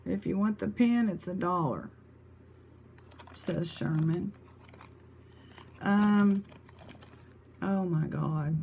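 Slow-talking woman vlogger. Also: on the low side, gravelly, warm tone, breathy edge. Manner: chatty, exclamatory, thinking aloud. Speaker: vlog host. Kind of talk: casual vlog chat showing thrift finds.

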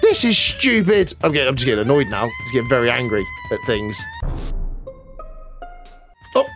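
A man's voice: medium pitch, a little fast. A man giving casual gameplay commentary, chatty, self-mocking and easily exasperated. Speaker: gaming YouTuber. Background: faint background music.

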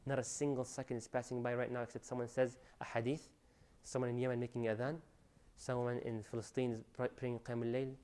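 Fast-talking, animated male preacher. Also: medium pitch. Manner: animated preaching, rising to loud emphasis, sprinkled with Arabic phrases. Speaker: Islamic lecturer. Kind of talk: religious lecture.

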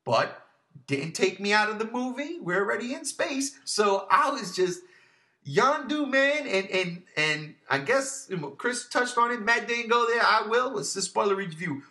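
A man co-hosting a casual movie review podcast, animated, swearing freely and swinging from low murmurs to loud outbursts. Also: moderate pace, hardly any pauses. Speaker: podcast co-host.

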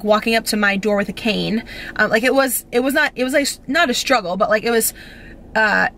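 Young woman, home vlog, teary, gushing storytelling, fillers, mid-pitched voice, faint hiss. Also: fairly bright tone. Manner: breathless, gushing, filler-heavy. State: teary, on the verge of crying. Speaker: vlogger.

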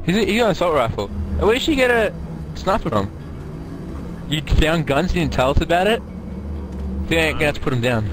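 A man doing let's play commentary on a co-op game, excitable and often yelling and laughing. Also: on the high side, a little fast, pauses often, background noise. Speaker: gamer playing co-op. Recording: loud music over the game audio. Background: loud background music, gunfire.

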